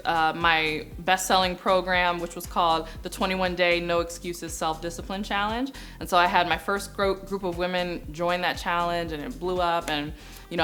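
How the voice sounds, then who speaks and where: A young woman from the United States, a business coach on YouTube, telling her own story in an animated vlog and acting out the voices she quotes. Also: lowish voice. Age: young adult.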